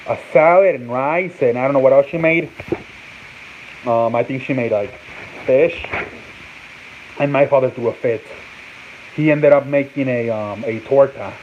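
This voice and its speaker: A man hosting a sports talk show in casual live-stream chat, rambling and swearing and sounding words out over and over. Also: fairly high pitch. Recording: tinny phone-like sound with faint noise.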